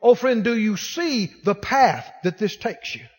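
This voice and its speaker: High-voiced man preaching emphatically. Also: very animated, unhurried. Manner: emphatic, repetitive preaching exhortation; addresses the congregation directly. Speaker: pastor. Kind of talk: sermon. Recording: long hall reverb.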